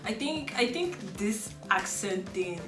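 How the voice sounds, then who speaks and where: A woman's voice: mid-range voice, expressive, slow pace, fairly bright tone. A woman speaking frankly and emphatically in a casual chat. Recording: echoey room with faint music.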